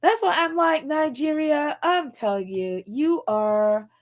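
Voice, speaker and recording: Sitting high in pitch and taking things slowly, a woman's voice comes from a New York live stream. She gushes and laughs while almost in tears, reading viewers' comments out loud.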